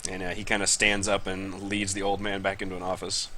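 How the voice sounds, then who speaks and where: A man's voice: deep voice, monotone, fairly quick, sharp tone, a little hiss or hum. A man narrating a tabletop game as game master, chuckling through his descriptions.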